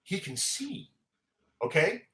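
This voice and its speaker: Excitable, laughing man in an echoey room. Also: high-pitched, slow pace. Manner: excitable, laughing often, reads dialogue aloud. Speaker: comic book show host. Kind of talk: casual podcast chat walking through comic pages.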